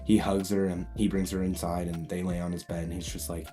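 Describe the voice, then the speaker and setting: Deep, mellow man retelling a fan story. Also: flat delivery, brisk, faint music behind. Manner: rambling, lots of "like" and restarts. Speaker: YouTube storyteller.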